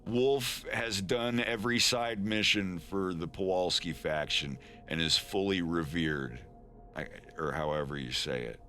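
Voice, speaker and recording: A male animator talks through his work on a live stream in a loose, rambling way. His voice sits low and moves at an easy, slow pace, with a bright, forceful edge to the tone. He trips over his words and restarts often, with a chuckle never far off. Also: faint music behind. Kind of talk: casual live-stream chat.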